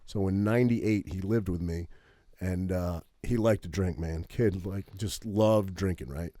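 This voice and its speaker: A low-pitched man from Maine, co-hosting a podcast, relates a long story at a measured pace, swearing casually and tacking "right?" onto his sentences with animated energy. The sound is clean studio audio with no echo.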